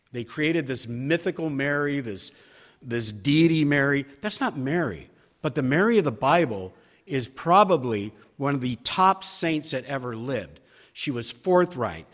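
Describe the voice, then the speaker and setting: A man's voice: medium pitch, a bit bright. Man teaching a Bible class in a hall. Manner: conversational, emphatic, frequent fillers and restarts. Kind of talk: church Bible study lecture with slides.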